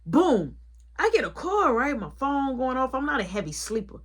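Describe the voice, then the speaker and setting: A young woman store manager telling a story in an animated, colloquial way. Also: sits high, moderate pace. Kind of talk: casual storytime vlog.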